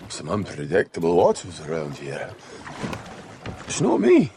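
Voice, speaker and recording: A man's voice: low-pitched, huge pitch swings, unhurried, heavily acted. An actor playing a boastful rugged huntsman in a film scene. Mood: teasing. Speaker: film character. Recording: film clip with loud water noise.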